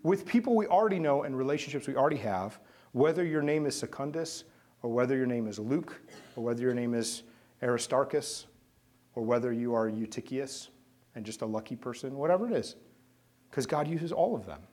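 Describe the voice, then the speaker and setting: A pastor preaches a sermon and then leads a closing prayer, speaking conversationally and putting questions to the congregation. His mid-range voice is brisk and somewhat dark in tone, with lively intonation.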